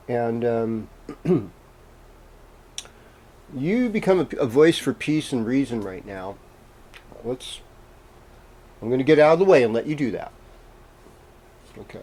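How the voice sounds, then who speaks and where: A man with a mellow, warm voice at a middle pitch talks through horoscopes as the host. He meanders gently, pausing often and filling gaps as he goes. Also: expressive. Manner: meandering and gentle, with many pauses and fillers. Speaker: astrologer host. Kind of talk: casual spoken horoscope reading.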